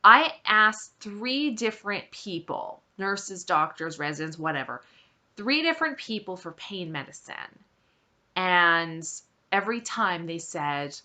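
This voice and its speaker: A woman's voice: fairly low pitch, animated, a little slow, bright, forceful tone. A woman hosting her own vlog, telling a personal story to camera in a candid, emphatic and exasperated way. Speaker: vlog host.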